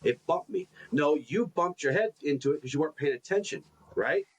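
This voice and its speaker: A man co-hosting a podcast in casual reflective chat, animated and self-deprecating in his stories, often repeating his words. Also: fairly high pitch, a little fast, slightly rough, highs cut off. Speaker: podcast co-host.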